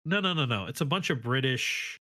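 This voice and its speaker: A man's voice: medium pitch, lively intonation, brisk, pushed and bright. A man, co-hosting a casual podcast and telling chatty, playful stories. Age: 30s. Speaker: podcast co-host.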